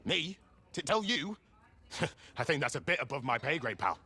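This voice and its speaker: A man's voice: a little high, sing-song, normal speed, sharp tone, breathy edge, heavily acted. An actor playing a cocky young male doorman in a pub, with a cheeky, mocking manner.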